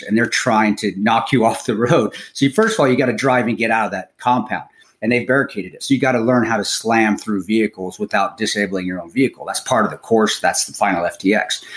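An American man hosting a podcast who tells a story with energy, swears freely and often restarts his sentences. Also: on the low side. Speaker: podcast host.

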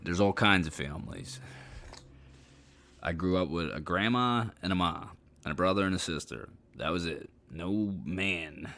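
A man with a notably deep, low-pitched voice chats alone on his podcast. He sounds worn out and talks in a loose, rambling way, dropping the odd curse word casually. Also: a little slow. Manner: rambling and relaxed, swears casually. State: tired. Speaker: podcast host. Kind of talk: casual solo podcast chat.

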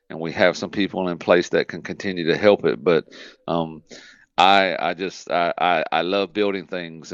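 A man's voice: low-pitched, smooth, no echo, dull audio. A man from the United States, a baseball team manager, talking earnestly on a radio phone interview, often repeating words as he goes.

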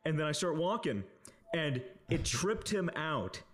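A man's voice: fairly high pitch, animated, unhurried, a crowd in the background. A young man telling a casual story on a podcast, rambling with lots of fillers, swearing and laughing as he goes. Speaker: podcast co-host.

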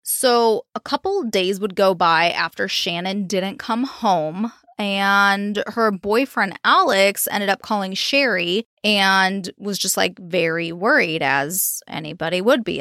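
A woman's voice: mid-range voice, a little slow, few pauses, bright, forceful tone, no echo. A young woman hosting a podcast, telling a true-crime story in a chatty, casual way, full of "like" and frank swearing, on a close mic. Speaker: podcast host.

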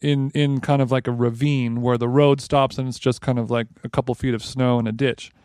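A man spins a long, rambling story in casual podcast chat, stumbling over restarts as he goes. His voice is smooth and resonant. The sound is close and completely dry. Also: mid-range voice, brisk, no room sound. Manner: rambling, animated, frequent restarts and laughs. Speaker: podcast co-host.

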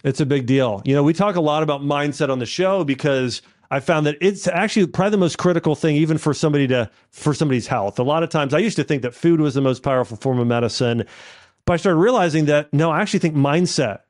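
A man hosting a podcast interview, affirming his guest and thinking out loud as he talks. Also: fairly high pitch, quick pace, dry recording, studio quality. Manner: affirming, thinks aloud with restarts. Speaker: podcast host. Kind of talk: interview conversation.

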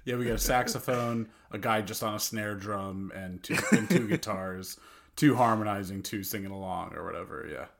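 A man co-hosting a casual film-review podcast, relaxed and a little hesitant, often trailing off softly. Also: on the low side, normal speed, gravelly, few pauses. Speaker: podcast co-host.

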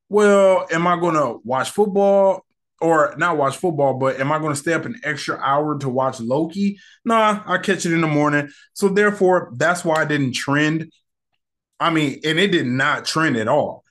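A young man hosts his own casual solo podcast, talking loosely and candidly in slang and rambling from one thought to the next into his mic. His voice sits a little high for a man and has a fairly bright tone.

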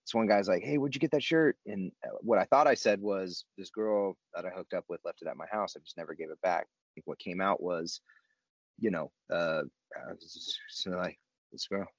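A man's voice: low voice, brisk, no room sound, dull audio. A man casually telling his own recovery story in a laid-back, slangy way with self-mocking humor.

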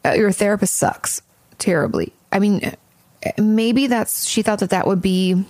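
A woman's voice: mid-range voice, measured pace, darkish tone, no echo. A woman therapist hosting an advice podcast, talking in a chatty, frank way and swearing casually.

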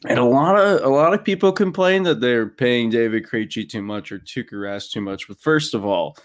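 A young man chats about sports in a loose, profane way. His voice sits at an ordinary middle pitch, and he breaks into laughter mid-story. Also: moderate pace. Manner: swears freely, laughs while telling stories. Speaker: podcast co-host. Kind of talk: casual sports chat.

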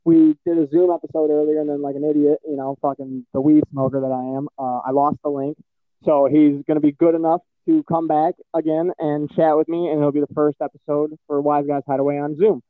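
Midwest guy rambling on his podcast, swears a lot, kinda high voice, dull dry lo-fi sound. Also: little pitch movement, a little fast, dry recording. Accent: Midwestern American. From Michigan. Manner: rambling and profane, with frequent fillers. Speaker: podcast host. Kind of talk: casual chat.

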